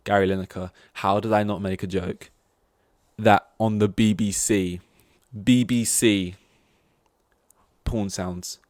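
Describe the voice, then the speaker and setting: A man's voice: fairly low pitch, a little mellow, no echo, clean studio sound. A young man hosting a solo podcast, ranting in a rambling, exasperated way and swearing often. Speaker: podcast host.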